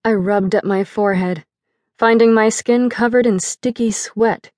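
A woman narrates a first-person novel in a measured, dramatic voice of middle pitch. She is close on a studio mic, and the sound is dry with no room echo. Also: steady tone, a little mellow. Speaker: audiobook narrator.

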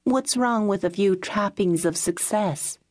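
A woman narrator voicing a proud, quick-tempered woman detective who answers sharply and indignantly. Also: medium pitch, a little mellow, dry recording, pitched above the performer's own voice, lightly acted.

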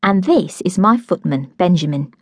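A woman voicing a brisk, inquisitive middle-aged spinster in an audiobook, with a crisp, decisive manner. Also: lowish voice, lively intonation, no echo. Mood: courteous. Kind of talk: audiobook character voice.

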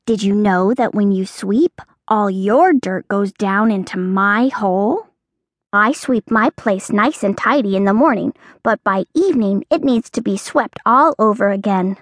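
A woman doing a steady storybook mole. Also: mid-range voice, measured pace, no room sound, studio quality, lightly acted. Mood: earnest. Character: steady male mole, tidy and practical. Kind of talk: children's audiobook character voice.

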